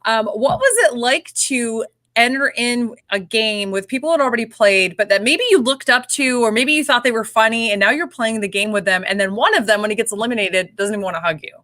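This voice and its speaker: A woman's voice: a little high, brisk, hardly any pauses, sharp tone. A woman hosting a casual podcast interview, asking enthusiastic, long rambling questions. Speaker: podcast host.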